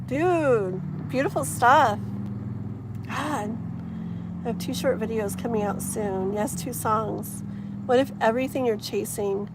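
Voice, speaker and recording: A woman whose voice is on the high side keeps a measured pace on her outdoor tarot livestream, with a little hiss or hum under the wind and passing traffic. She reads out comments casually and effusively, leaning on lots of fillers.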